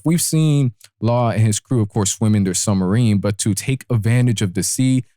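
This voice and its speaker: A man's voice: on the low side, dark tone, dry recording, clean studio sound. A young man hosting a casual commentary show, talking loosely and acting out characters' lines as he goes. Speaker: podcast host. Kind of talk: casual manga chapter commentary.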